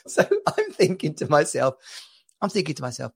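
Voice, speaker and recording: Gravelly man telling stories. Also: fairly high pitch, moderate pace. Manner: animated storyteller, laughs often, repeats himself. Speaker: podcast co-host. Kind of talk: casual chat, anecdote telling.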